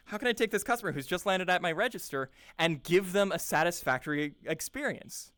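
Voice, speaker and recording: Earnest rambling young man, higher voice. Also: lively intonation, brisk, a bit bright, no echo, studio quality. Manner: earnest, enthusiastic, repeats words while searching. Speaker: improv teacher. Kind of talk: casual rambling monologue.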